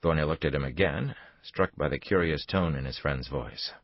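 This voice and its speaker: A man narrating a thriller audiobook in a measured, dramatic storytelling manner. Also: very deep voice, no echo. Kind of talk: scripted narration. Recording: dull lo-fi dry recording.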